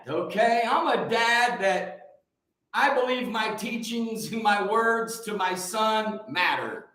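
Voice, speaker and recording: A man's voice: high voice, animated, slow, sharp tone. A man hosting a casual morning livestream, greeting viewers by name and making emphatic, preachy points. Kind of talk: casual live-stream chat with viewers. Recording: very echoey room.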